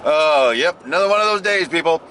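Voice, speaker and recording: A man's voice: a little high, expressive, a little fast, bright, forceful tone, a little hiss or hum. An American man hosting a casual driving vlog on his way home from work, rambling and joking and laughing at his own jokes. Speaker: vlog host. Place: car on the road.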